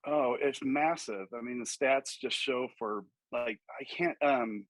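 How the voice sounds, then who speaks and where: Animated, husky-voiced golf coach. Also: male voice, mid-range voice, measured pace, rough recording. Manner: animated storyteller, acts out quotes, swears freely. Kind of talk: podcast interview.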